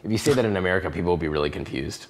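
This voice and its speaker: A man's voice: low voice, racing. A man joking and laughing along in a casual reaction chat about a cooking show.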